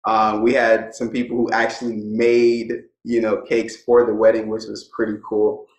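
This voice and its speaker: A man's voice: lowish voice, moderate pace. Young man telling stories in an echoey room. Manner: relaxed storytelling, laughs often. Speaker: guest. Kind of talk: casual interview conversation.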